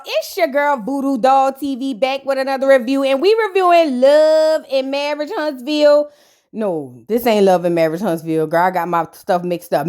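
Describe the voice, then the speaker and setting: Woman, high voice, sassy gossipy reviewer, casual reaction commentary. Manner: sassy, gossipy, slangy and animated. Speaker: reality TV reviewer.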